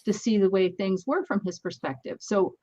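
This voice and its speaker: A woman spins parenting anecdotes in a relaxed interview. She jumps into the voices of the people in her stories. The sound is a bit dull and muffled. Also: mid-range voice, normal speed. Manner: animated anecdotes, acts out dialogue. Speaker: guest, energy healer. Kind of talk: casual storytelling in an interview.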